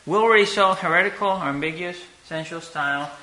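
A man teaching a class on church music from slides, talking haltingly and checking in with "okay?" often. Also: high-pitched, pushed and bright, rough recording. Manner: halting, restarts and fillers, asks "okay?" often. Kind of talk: slide-based lecture.

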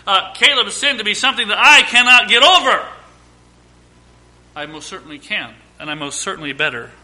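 A man in his thirties preaches a sermon with a high, very bright voice. He hammers home lists and repeated phrases, then falls to quiet asides. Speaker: pastor.

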